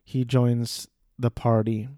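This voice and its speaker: A man's voice: mid-range voice, little pitch movement, takes it slowly, mellow, no room sound, clean studio sound. A man casually recapping a movie plot, rambling with fillers and self-corrections. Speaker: movie reviewer.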